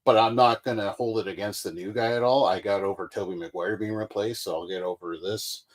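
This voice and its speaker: A man co-hosting a casual chat podcast, quick to agree, swearing and humming tunes. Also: lowish voice, fairly even intonation. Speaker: podcast co-host.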